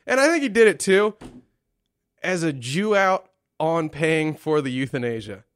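A young man with a bright, forceful voice and a slightly raised pitch, riffing crudely on a casual podcast. His talk is full of profanity, and he swings loud and animated whenever he cares about something. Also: measured pace. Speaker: podcast co-host. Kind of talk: casual comedic chat.

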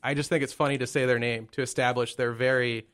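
A man's voice: mid-range voice, little pitch movement, fast, fairly bright tone. A man from the United States hosting a podcast, rambling and cracking crude jokes in casual chat. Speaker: podcast host.

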